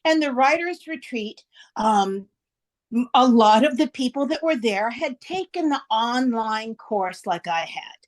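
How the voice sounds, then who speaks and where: A woman's voice: a little high, animated, a little slow. A woman hosting her own podcast, chatty and laughing often as she tells a story, with frequent restarts. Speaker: podcast host. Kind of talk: casual podcast introduction.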